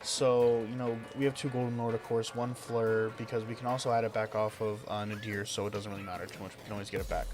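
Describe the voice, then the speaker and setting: A young man casually talking through a card game deck, enthusiastic and rambling with lots of fillers. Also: lowish voice. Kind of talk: casual deck profile commentary.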